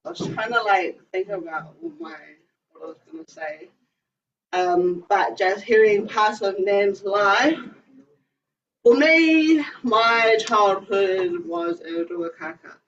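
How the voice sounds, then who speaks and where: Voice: medium pitch, animated, takes it slowly, a bit bright. A speaker giving a hesitant family tribute, full of fillers. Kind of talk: informal memorial speech. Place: indoor family gathering. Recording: distant, muffled, faint hiss.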